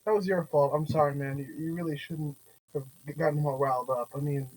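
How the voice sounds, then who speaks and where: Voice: mid-range voice, fairly even intonation, quick pace, a little mellow, rough recording. A tabletop game player talking casually and hesitantly, full of fillers and restarts. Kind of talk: casual tabletop role-play.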